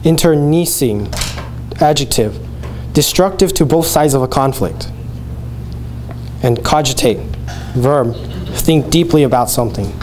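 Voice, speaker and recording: A man's voice: mid-range voice, lively intonation, unhurried, darkish tone, a little hiss or hum. A teenage boy presenting a classroom vocabulary lesson, enunciating each word carefully and reading out definitions. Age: teens. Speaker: student presenter.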